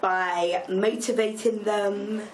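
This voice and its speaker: A woman's voice: mid-range voice, fairly even intonation, takes it slowly. A woman in her thirties, a primary school teacher, giving cheerful, easy answers in an interview. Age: 30s. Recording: echoey and noisy.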